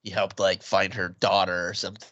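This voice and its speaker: A man's voice: sits low, little pitch movement, a bit bright, no echo, highs cut off. A man co-hosting a movie podcast, retelling a film's plot in casual chat and laughing often. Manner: laughs often, quick asides. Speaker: podcast co-host.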